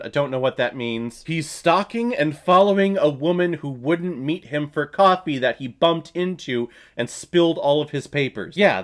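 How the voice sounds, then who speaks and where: A man ranting casually in a movie review, exasperated and profane, with a mocking tone. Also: a little high. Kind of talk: casual film review rant.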